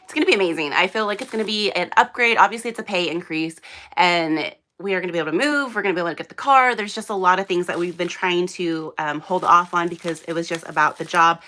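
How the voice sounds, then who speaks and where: A woman's voice: on the low side, fast talker, bright, forceful tone. A young woman hosting a casual live unboxing from a small room under hot lights, rambling and chatty with lots of fillers. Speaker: host.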